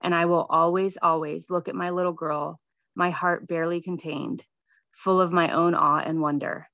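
A woman gently reading her own reflective personal essay. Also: lowish voice, fairly even intonation, moderate pace, no echo, dull audio.

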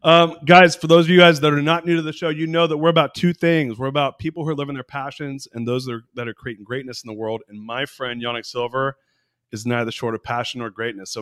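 A man's voice: mid-range voice, a bit bright, no echo, clean studio sound. A man in his forties hosting a podcast interview, enthusiastic and chatty. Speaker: podcast host.

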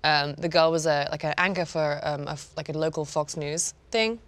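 A woman's voice: deep voice, normal speed, a bit bright, no room sound. A young woman co-hosting a podcast, telling a rambling story full of "like"s. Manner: rambling, many "like"s. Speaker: podcast co-host. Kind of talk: casual chat, storytelling.

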